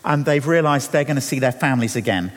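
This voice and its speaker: A man's voice: medium pitch, lively intonation. Earnest preacher man in a reverberant church. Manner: earnest, halting with repeated restarts. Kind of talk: sermon. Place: church hall.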